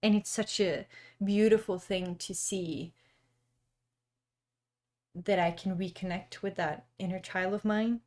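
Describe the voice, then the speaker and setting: A young woman hosting a cozy painting livestream, chatting gently, reading comments aloud and laughing often. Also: mid-range voice, fairly even intonation, slow pace, long pauses. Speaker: art stream host. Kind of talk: casual livestream chat while painting.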